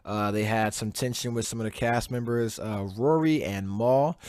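A man's voice: mid-range voice, normal speed, a little mellow, smooth, dry recording. Dude ranting solo on his podcast, cussing nonstop, repeats himself, dry close mic. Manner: profane, heated, repeats himself. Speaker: podcast host. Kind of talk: casual solo podcast rant. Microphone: desk mic, virtual background on video.

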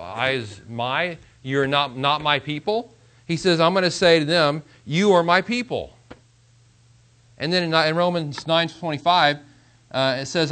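A pastor teaching a Bible class in a conversational lecture style, repeating himself, restarting phrases and chuckling now and then. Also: male voice, medium pitch, a bit bright.

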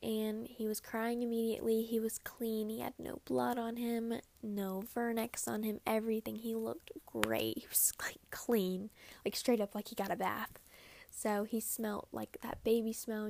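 A woman's voice: a little high, a little slow, vocal fry, a little mellow. A young woman telling her birth story in a chatty, casual way, full of "like" and acted-out quotes. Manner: chatty, lots of "like", acts out quoted lines.

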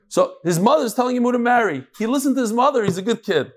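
A man teaching a lively Talmud class, joking with his students and mixing in Hebrew and Yiddish terms. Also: sits high, fast talker, few pauses.

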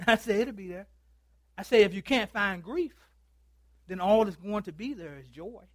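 A male pastor preaching a sermon, telling a story and acting out both sides of a phone call, calling for responses from his congregation and swinging from loud to hushed. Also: high-pitched, expressive, moderate pace, no echo. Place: church.

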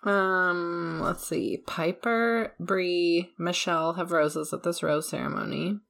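A woman's voice: lowish voice, fairly even intonation, slow, gravelly, fairly bright tone. A woman hosting a casual podcast chat, talking in a chatty way with many fillers.

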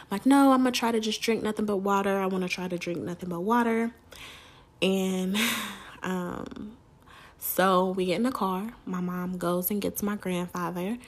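A young woman vlogger telling a casual storytime, lively and chatty, acting out her own and her mother's lines. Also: mid-range voice. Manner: animated, quotes herself and her mom in raised voice.

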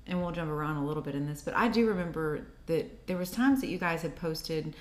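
A woman hosting an interview, gentle and affirming, reflecting back what her guest shares. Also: deep voice, brisk. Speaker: host. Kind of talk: supportive interview talk.

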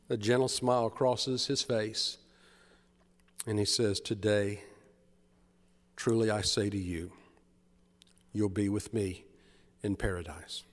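A man's voice: mid-range voice, in a large hall. A man preaching a sermon, retelling the story with drama and repeated phrases.

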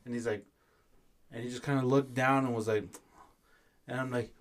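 Man, podcast co-host, swearing storyteller, mid-pitched, slips into spanish. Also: moderate pace. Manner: profane, animated storyteller mixing Spanish phrases. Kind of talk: casual storytelling chat.

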